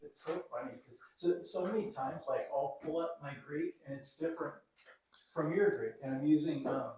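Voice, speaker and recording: A man in a casual Bible study group, chatting haltingly about looking up Greek words. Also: fairly high pitch, mellow. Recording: roomy, far from the mic, faint noise.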